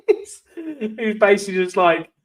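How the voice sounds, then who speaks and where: A man's voice: high voice, fairly bright tone. A man chats on a football fan podcast. He tells anecdotes in an easy, conversational way. The talk is unscripted and casual. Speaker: podcast co-host.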